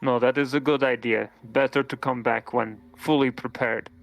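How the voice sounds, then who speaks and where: A man voicing a tired, wounded male werewolf hunter with a slight rasp and a calm, courteous manner. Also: medium pitch, normal speed, close to an everyday voice. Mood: weary.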